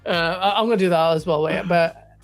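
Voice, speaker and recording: A man's voice: sits high, fairly quick, soft background music. A man hosting a live gaming stream, thanking his guests and plugging the channel. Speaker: host.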